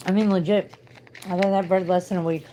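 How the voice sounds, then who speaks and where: A woman's voice: lowish voice, steady tone, fairly quick, mellow, a little hiss or hum, low-quality recording. A tired woman in pain, chatting bluntly and swearing through a casual livestream.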